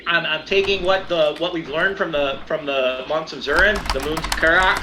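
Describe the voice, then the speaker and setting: Brief: excitable male player, high lively voice, theatrical, faint background hiss. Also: normal speed. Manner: animated, theatrical, laughing often. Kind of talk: tabletop role-play session.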